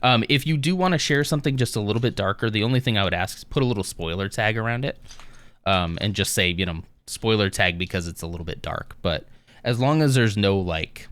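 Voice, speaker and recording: A man's voice: on the low side, lively intonation, fairly quick, a bit bright, clear, resonant tone, dry recording. A man streaming live, chatting casually with viewers in a rambling, easygoing way with lots of fillers.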